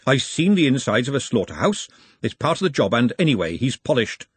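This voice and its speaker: A man's voice: medium pitch, sing-song, a little fast, husky, no room sound. A man voicing a blunt, practical young woman who talks in a no-nonsense way.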